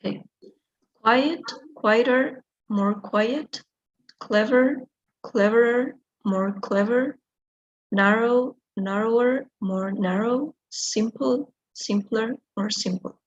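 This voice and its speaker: A woman student reads grammar examples aloud slowly and carefully, one word at a time. Her voice has a soft, breathy edge. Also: fairly high pitch, muffled recording. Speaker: English student.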